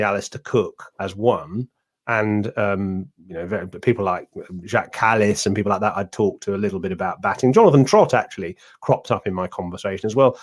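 A man co-hosting a cricket podcast, telling anecdotes in a rambling, casual way with many restarts and asides. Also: mid-range voice.

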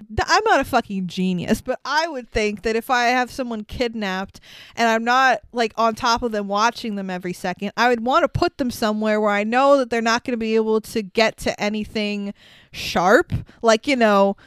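A woman co-hosting a casual movie recap podcast, animated and exasperated, swearing freely. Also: on the high side, moderate pace, clean tone, no echo. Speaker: podcast co-host.

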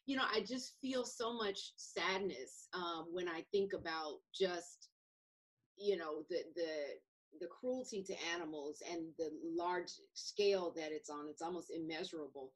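A woman's voice: fairly low pitch, unhurried. A woman hosting a podcast, asking questions in a sympathetic, chatty way. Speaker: podcast host. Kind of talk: casual podcast conversation.

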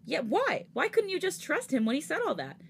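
A woman's voice: fairly high pitch, sing-song, fairly quick, slight background noise, pitched above the performer's own voice. A woman voicing an angry, protective young man in a fanfic reading, demanding answers and cursing. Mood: heated. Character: furious protective young man confronting a rival.

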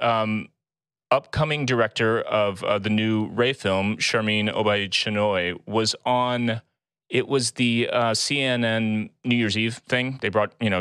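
A man's voice: lowish voice, a bit bright, smooth, no room sound. A man hosting a podcast, laid-back and friendly in casual chat. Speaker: podcast host. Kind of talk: casual chat and read sponsor spot.

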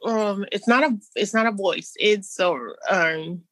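A woman telling personal stories in an interview, halting and restarting, with soft nervous laughs. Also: medium pitch, no room sound. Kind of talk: personal storytelling.

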